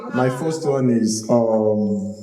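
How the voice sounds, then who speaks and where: Man, audience questioner, hesitant, very dark voice, roomy sound. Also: medium pitch. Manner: hesitant, halting. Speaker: audience member asking a question. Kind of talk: live Q&A question. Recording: roomy echo of a hall.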